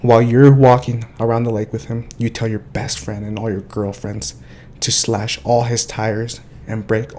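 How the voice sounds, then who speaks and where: A young man co-hosting a podcast, chatting casually and telling animated, profane stories. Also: mid-range voice, slight background noise. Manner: animated storytelling, swears freely. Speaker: podcast co-host. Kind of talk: casual chat.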